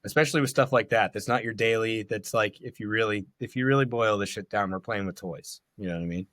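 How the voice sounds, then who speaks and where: A laid-back man talking bikes in an easygoing podcast chat, cursing casually. His voice sits on the lower side and is recorded close and dry. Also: fast talker, fairly bright tone, no echo.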